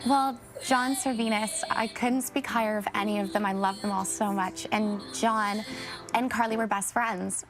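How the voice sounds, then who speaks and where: Earnest young woman with a gravelly edge. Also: mid-range voice, steady tone, normal speed, over music. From Canada. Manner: earnest, fond, hesitant restarts. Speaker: actress and guest. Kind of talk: TV interview.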